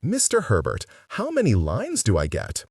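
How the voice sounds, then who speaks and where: A man's voice: medium pitch, huge pitch swings, normal speed, a little mellow, husky, no room sound, voice pushed up, full character voice. A man voicing a blunt, eager young showgirl. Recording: dry sound, distant mic.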